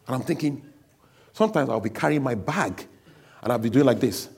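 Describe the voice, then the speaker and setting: A man's voice: mid-range voice, lively intonation, brisk, gravelly, darkish tone, breathy edge. A man giving a candid, emotional personal testimony to an audience, speaking bluntly.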